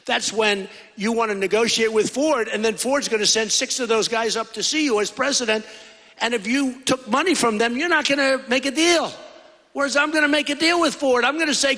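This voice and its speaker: A man's voice: very high voice, sharp tone. A middle-aged man giving a rambling, repetitive campaign rally speech, full of conversational asides, into a podium microphone. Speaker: political candidate. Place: large indoor rally hall. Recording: echoey hall with long reverb.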